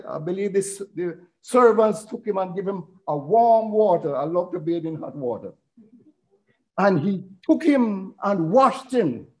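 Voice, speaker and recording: A man's voice: sits high, a little mellow, rough recording. A middle-aged man preaching a sermon, retelling a parable as a story and quoting scripture.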